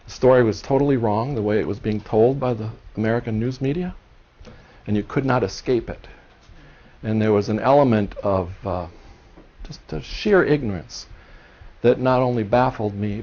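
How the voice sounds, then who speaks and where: Impassioned older man, low and dull. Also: moderate pace, warm tone. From Cuba. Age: 60s. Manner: earnest, impassioned storytelling. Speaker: historian and seminar speaker. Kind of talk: seminar talk. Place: seminar room. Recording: dull lo-fi recording.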